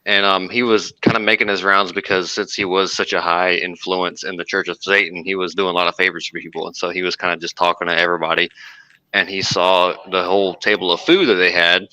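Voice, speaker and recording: Low-voiced guy rambling thru a story on a podcast, super punchy tone. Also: flat delivery, fairly quick, pushed and bright, clean tone, rough recording. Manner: rambling storyteller, frequent fillers and restarts. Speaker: podcast co-host. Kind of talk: casual podcast chat.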